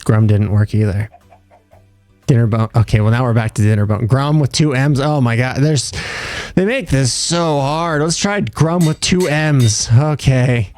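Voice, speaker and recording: During a live game stream, a young man chats with viewers in a mid-range, darkish voice at an unhurried pace. The talk is rambling, jokey, and self-deprecating, with faint music in the background.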